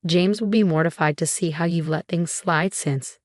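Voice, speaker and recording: A woman's voice: lowish voice, normal speed, no echo, clean studio sound, lightly acted. A woman voicing a disdainful, condescending older mother-in-law. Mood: haughty. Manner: condescending, haughty.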